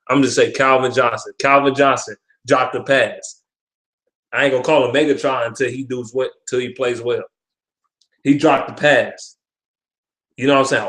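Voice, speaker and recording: A young man vents his frustration about his football team in a profane, repetitive rant for his sports fan vlog. His mid-range voice is slightly bright, and the room is echoey.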